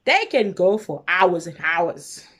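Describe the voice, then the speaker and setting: A woman with a South African accent telling a personal story on her vlog, lively, with hushed asides. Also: on the low side, slow pace. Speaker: vlogger.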